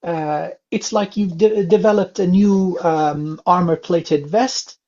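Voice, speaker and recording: A man gives a calm, unhurried spiritual reading in a gravelly, somewhat husky voice, his speech full of soft filler sounds. The recording is dull and lo-fi. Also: sits high. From England. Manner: calm, gentle, many filler uhs. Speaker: spiritual reader. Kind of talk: psychic reading session.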